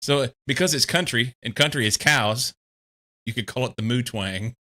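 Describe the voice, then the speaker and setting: A man in mid-range pitch with a very bright, forward voice chats loosely while playing a game at home. He rambles, curses freely and breaks into laughter often, all close on a desk mic. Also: moderate pace. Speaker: game streamer. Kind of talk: casual chat while playing.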